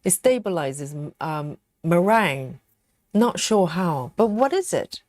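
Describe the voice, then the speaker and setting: A woman's voice: lowish voice, lively intonation, takes it slowly, a little mellow, no room sound. Playful woman hosting a live chat. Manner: playful, laughs often, teasing. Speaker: live stream host. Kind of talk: casual chat reading viewer comments.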